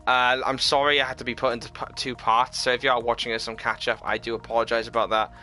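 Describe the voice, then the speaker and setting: A man's voice: medium pitch, little pitch movement, quick pace, pushed and bright, faint music behind. A man chatting casually on a live game stream, reading viewer comments aloud and answering them. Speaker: gaming streamer.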